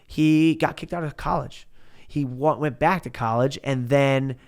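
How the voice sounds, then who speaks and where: A man in his twenties, a podcast guest, telling a story in a casual, animated, slangy way and acting out what people said. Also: medium pitch, a little slow. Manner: animated, slangy, acts out quotes.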